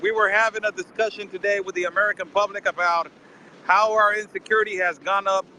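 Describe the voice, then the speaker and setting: High, bright-voiced indignant man. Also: fairly even intonation, fast talker, a little hiss or hum, low-quality recording. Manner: indignant, fires rhetorical questions, keeps addressing the host by name. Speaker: border correspondent calling in. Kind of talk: casual live-stream conversation.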